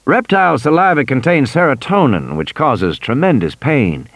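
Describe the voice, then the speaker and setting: A man voicing a calm, assured American field biologist with a soft Southern accent in an audiobook. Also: mid-range voice, moderate pace, dry recording, pitched above the performer's own voice.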